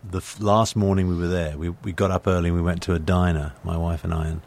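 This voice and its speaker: A low-pitched man from England chats as a guest, spinning anecdotes. He restarts his sentences often, repeating words as he gathers his thoughts, in a relaxed conversational way. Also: fast talker. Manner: storytelling, stammering restarts. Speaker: actor, guest. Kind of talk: casual chat.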